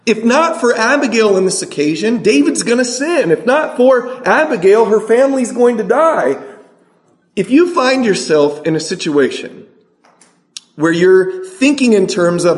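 A man preaches a sermon, putting rhetorical questions to his congregation and reading scripture aloud slowly. His voice sits high with big pitch swings, and the room is echoey.

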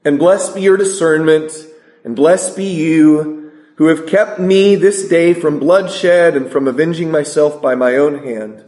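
A man preaching a sermon, asking his congregation rhetorical questions and reading scripture aloud slowly. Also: fairly high pitch, darkish tone, echoey room.

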